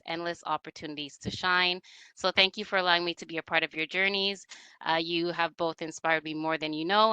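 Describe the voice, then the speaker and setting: A woman gives a tender, emotional farewell speech, encouraging and full of feeling. Her voice sits fairly low but rings bright and very crisp. The sound is dry, like a video call. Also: dry recording, rough recording. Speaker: mentor.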